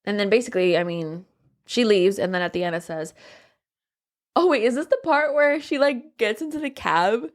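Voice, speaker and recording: A woman's voice: medium pitch, moderate pace. Laid-back swearing woman podcast co-host. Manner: laid-back, swears freely, reads passages aloud. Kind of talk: casual book chat.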